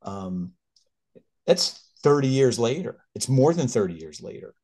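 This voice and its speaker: A man in his fifties, a physician and guest, telling stories in an animated, earnest way that turns emotional. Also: mid-range voice, unhurried. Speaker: critical care physician, guest. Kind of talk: conversational storytelling.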